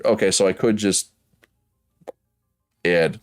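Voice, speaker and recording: A man with a Prince Edward Island accent rambles casually through a game stream, reading chat as he goes. His voice sits low and deep. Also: moderate pace, long pauses. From Prince Edward Island, Canada. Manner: rambling, chatty, reads chat aloud.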